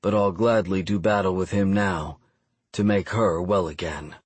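A man reading a first-person audiobook narration in a measured, even storytelling delivery. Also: low voice, husky, dry recording.

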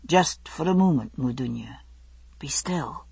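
Woman reading as a tender Scottish highland man: lowered, hushed, husky. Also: moderate pace, no echo, distant mic. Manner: low and hushed.

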